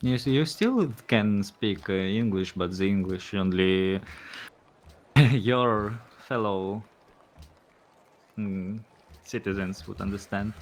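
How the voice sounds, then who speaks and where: Deep-voiced man, halting co-commentary. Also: a little hiss or hum. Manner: halting, many fillers and restarts. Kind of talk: casual game commentary. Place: Ukraine.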